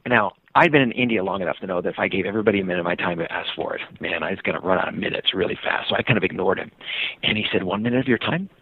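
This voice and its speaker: An American man, a guest on a podcast, telling a travel story in an animated way and acting out the voices of the people in it. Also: very fast, husky, no echo. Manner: acts out quoted voices with big pitch jumps. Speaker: guest, touring cyclist and author. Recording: dry, tinny phone-line sound.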